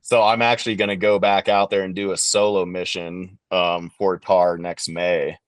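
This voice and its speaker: Low-voiced man telling a story casually. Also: normal speed, smooth, no room sound. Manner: relaxed, rambling, many fillers. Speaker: podcast guest, bowhunter.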